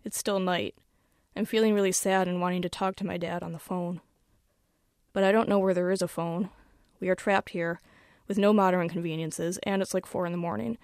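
A woman reads her own first-person fiction with wry, measured timing and a slightly low voice. The sound is dry and close, with no room around it. Her delivery stays steady and deliberate. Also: no echo. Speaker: author.

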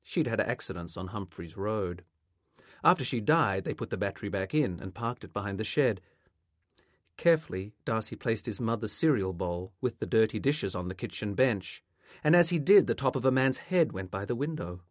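Male author reading his own fiction: low voice, lively pitch, dry close-miked sound. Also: normal speed, no echo. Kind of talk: reading a literary novel aloud.

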